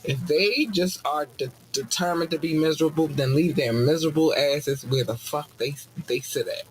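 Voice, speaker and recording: A man's voice: a little high, normal speed, slight background noise, rough recording. A man hosting a podcast, ranting in a loose, profane, preachy way like a mock sermon. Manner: profane, animated, preachy asides. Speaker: podcast host. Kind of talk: casual rant with mock sermon.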